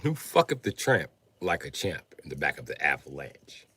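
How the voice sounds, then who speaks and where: A sly male riddle villain speaks low and slow, dragging out each taunt with quiet menace, as a man puts him on. The recording is dry and close, with no room around the voice. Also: sing-song, slightly rough, no echo, full character voice.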